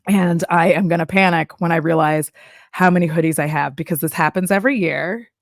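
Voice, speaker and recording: A young adult woman from Texas reacts to a video on her live stream, speaking a little fast in a fairly low voice. She chats casually, laughs often and acts out little voices. The audio is clean studio sound with no echo.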